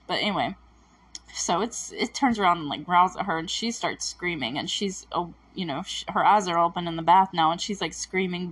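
A woman's voice: mid-range voice, a bit bright, husky. A woman recapping a TV episode in a chatty, emotional way, with lots of fillers and self-corrections. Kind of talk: casual recap commentary.

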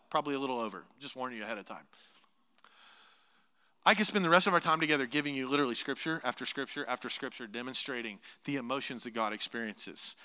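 A male pastor preaches in an animated style, with a high, very bright and forceful voice. He slips into imagined voices and leans in with hushed asides. The sound carries the long reverb of a church hall. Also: smooth. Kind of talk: sermon. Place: church sanctuary.

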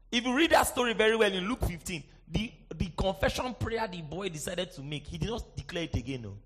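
A male preacher with a high voice delivers a lively sermon. He surges into shouted, sing-song refrains and then drops to hushed, confiding asides, checking in with the congregation again and again. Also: a little fast, few pauses, husky. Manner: asks the congregation for response, sing-song emphasis.

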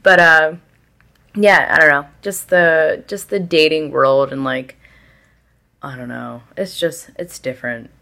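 A woman's voice: deep voice, measured pace, gravelly, pushed and bright. A young woman chatting candidly as a podcast guest, full of filler words and casual swearing.

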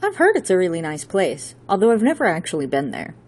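A woman playing a showy chauffeur who slips into rhyme and fancy phrasing. His manner is theatrical and upper-crust, pitched higher than the narration but still husky. It comes from an audiobook reading. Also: wildly swooping pitch, quick pace, a little mellow.

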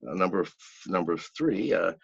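An older man telling a story as a podcast guest, in a profane, animated way. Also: deep voice, moderate pace, gravelly, breathy edge, dry recording. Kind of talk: casual storytelling. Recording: dull, lo-fi, dry sound.

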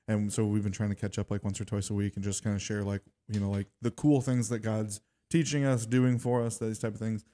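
A man's voice: on the low side, level tone, a little fast, hardly any pauses, mellow. A man on a church discussion panel, speaking eagerly and filling his sentences with "like". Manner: eager, filler-heavy with many "like"s. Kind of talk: casual faith discussion.

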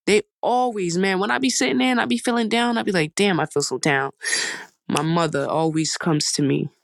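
A young woman hosts a casual podcast monologue. She talks in a heartfelt, rambling way and hammers her points home by repeating them. Her voice sits at a middle pitch in a dry, close recording. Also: a little fast, creaky, no room sound. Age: 20s. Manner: heartfelt, rambling, emphatic repetition. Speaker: podcast host.

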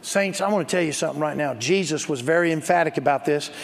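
A man's voice: a little high, fast talker, creaky, a little hiss or hum. A man preaching a sermon as pastor, emphatic and calling for responses from the congregation, with joking storytelling asides. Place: church sanctuary. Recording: long hall reverb.

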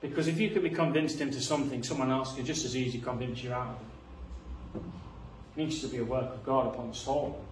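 A man preaching a sermon, earnest, moving between quiet reflective passages and rising emphasis. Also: medium pitch, steady tone, fast talker, a little hiss or hum. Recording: echoey room, voice a bit far from the mic.

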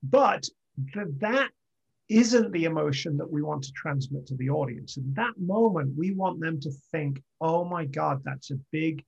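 Man in a podcast chat, gravelly and a bit husky, earnest and explanatory, slightly high voice. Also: expressive, a little slow. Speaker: acrobatic performer. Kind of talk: reflective conversation. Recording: dull lo-fi sound.

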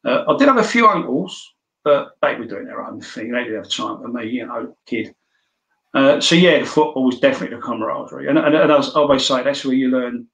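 A man's voice: medium pitch, animated, brisk, gravelly, fairly bright tone, echoey room, poor audio. A man in his sixties with a London accent, telling rambling, anecdotal stories as an interview guest. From London, England. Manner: rambling, anecdotal, many restarts. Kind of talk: casual storytelling.

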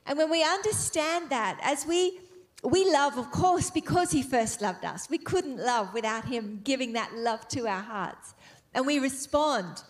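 A woman preaching a sermon with fervent delivery, slowing and softening on key phrases, then building to emphatic exclamations. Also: high-pitched, expressive.

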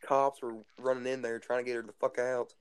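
A man's voice: mid-range voice, flat delivery, a little fast, clear, resonant tone, no echo. A teenage boy telling rambling stories in casual chat, crude and swearing constantly. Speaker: guest storyteller.

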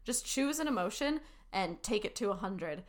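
A woman's voice: mid-range voice, lively intonation, normal speed. A woman teaching assistant with an improv background, talking expressively and laughing easily in a casual interview.

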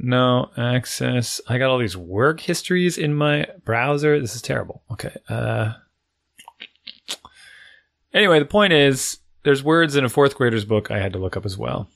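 A man's voice: mid-range voice, animated, normal speed, creaky, a bit bright. A man co-hosting a podcast in casual chat, with wry, easygoing banter. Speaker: podcast co-host.

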